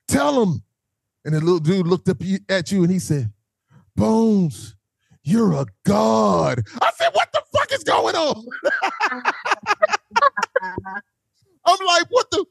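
Male host, high pitch, dry mic, animated storyteller who acts out every quote. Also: no room sound. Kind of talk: casual storytelling chat.

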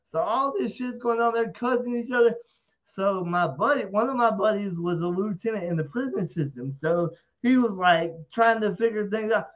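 A man telling a rowdy story in casual talk, animated and profane, acting out quotes loudly. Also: high-pitched, normal speed, dull audio. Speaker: interview guest.

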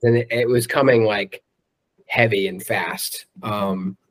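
Speaking slowly in a lowish voice with fairly even intonation, this rock band singer chats loosely in a casual interview. He swears freely and fills his talk with "um" and "like."

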